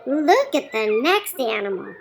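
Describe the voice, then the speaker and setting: A woman voicing a cheerful little girl puppet who teaches words in a slow, sing-song, encouraging way in a children's puppet lesson. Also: fairly high pitch, very animated, vocal fry, a little hiss or hum, heavily acted.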